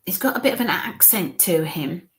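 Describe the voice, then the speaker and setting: A woman working as a psychic medium, giving a live reading in a halting way and breaking off to murmur coaxing asides under her breath. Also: lowish voice, expressive. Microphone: live stream mic.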